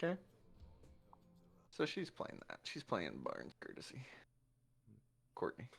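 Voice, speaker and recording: A man's voice: mid-range voice, huge pitch swings, slow pace, creaky, a bit bright. A man narrating as game master of a tabletop session in casual, filler-laden speech.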